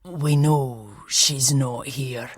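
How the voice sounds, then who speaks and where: A brusque older police detective, put on by a woman narrator, speaking slowly in a low, husky register. He presses his point with grave insistence. The audiobook read is dry and close. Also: fairly even intonation, dry recording, full character voice. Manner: slow, insistent, ominous.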